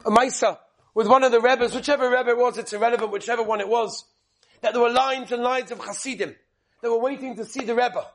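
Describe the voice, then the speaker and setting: A man giving a sermon-style Torah talk, telling a story with rhetorical questions and dramatic swings between soft and loud. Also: extremely high pitch, fairly even intonation, quick pace.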